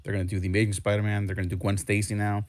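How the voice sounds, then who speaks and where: A man co-hosting a casual comic book review chat, opinionated and full of quick asides. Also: fairly low pitch, completely flat delivery, a little mellow, no echo. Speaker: co-host.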